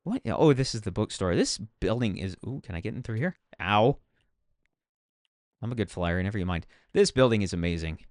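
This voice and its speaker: A man narrating his own gameplay in a loose, rambling way, often poking fun at himself. His voice is smooth and clear, recorded dry and close with no room sound. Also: fairly low pitch, animated, moderate pace, darkish tone, no room sound. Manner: chatty, self-mocking, talks to himself while playing. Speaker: game streamer. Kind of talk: casual gameplay commentary.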